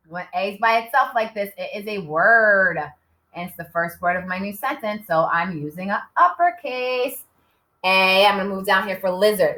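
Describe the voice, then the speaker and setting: In a mid-range voice, a woman teaches beginning writers, spelling words out letter by letter with a sing-song rhythm. Bursts of excitement alternate with gentle near-whispers whenever a sound is quiet.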